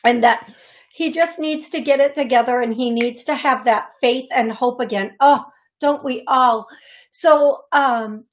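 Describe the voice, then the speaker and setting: Chatty high-voiced woman radio medium. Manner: chatty, emotional, warm-hearted, uses fillers. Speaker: psychic medium radio host. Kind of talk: call-in reading on radio. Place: radio studio.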